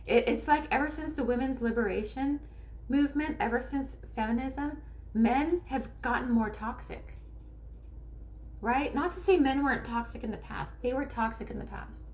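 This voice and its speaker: In a high, slightly mellow voice, a tarot reader and spiritual coach from Northern California talks loosely to camera. She restarts often, voices quotes dramatically, and slows her speech to underline what matters most.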